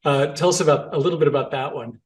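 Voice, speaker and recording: A man's voice: fairly high pitch, quick pace, far from the mic. A man hosting a casual film discussion, chatty and enthusiastic, with plenty of fillers. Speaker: host. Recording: echoey room, off-mic.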